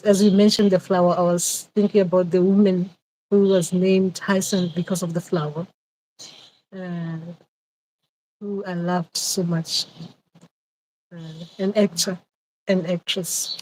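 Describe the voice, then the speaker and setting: A woman hosting a casual livestream chat as a spiritual advisor, speaking outdoors. She talks in a hesitant, reflective way, with many pauses and repeated phrases. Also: lowish voice, level tone, dark tone, a little hiss or hum, rough recording.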